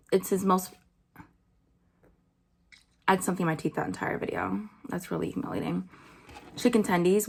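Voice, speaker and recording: A woman's voice: on the low side, creaky. A woman vlogger giving casual commentary, chatty and blunt, with lots of "like" and "um". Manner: chatty, blunt, filler-heavy with "like" and "um".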